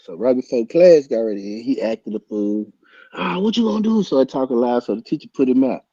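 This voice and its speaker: A man telling a story loudly and excitably, acting out voices and punches with sound effects. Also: mid-range voice, fairly quick, dry recording. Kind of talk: animated storytelling. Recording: dull lo-fi sound.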